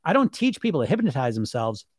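A man's voice: mid-range voice, very animated, fast, husky, dry recording, clean studio sound. A man coaching viewers on weight loss through self-hypnosis in a blunt, emphatic monologue, swearing casually and asking rhetorical questions.

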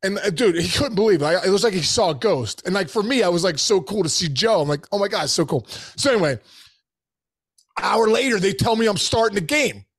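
A man hosting a podcast, telling a story casually in animated bursts, full of restarts and "bro" and "dude". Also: sits high, a little fast, breathy edge.

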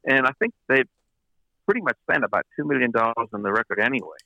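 A man's voice: medium pitch, sing-song, fast talker, vocal fry, bright, forceful tone, no echo, rough recording. A man, a record producer as an interview guest, telling long anecdotes with many fillers and restarts. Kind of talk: interview storytelling.

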